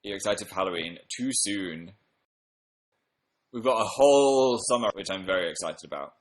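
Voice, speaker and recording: Speaking expressively at a normal pace in a low-pitched voice, a man runs a casual home livestream after a late night. He chats and reads out comments with occasional upbeat bursts, and the recording is poor and reverberant.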